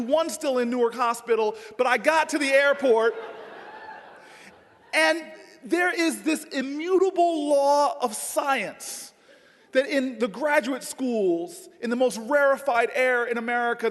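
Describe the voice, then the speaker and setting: A man giving a humorous dinner speech, telling an animated story and often shouting. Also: very high-pitched. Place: large dinner hall. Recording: long hall reverb, faint noise.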